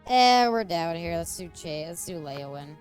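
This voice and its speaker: A woman's voice: fairly low pitch, expressive, normal speed, faint music behind. A woman streaming a game, chatting casually in a giggly, rambling way and making crude jokes. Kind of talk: casual gameplay chat.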